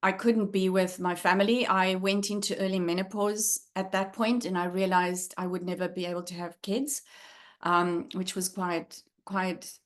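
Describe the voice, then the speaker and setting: A middle-aged woman with a South African accent, a guest speaker telling a personal story in an earnest, reflective way with frequent pauses and fillers. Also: on the low side, little pitch movement.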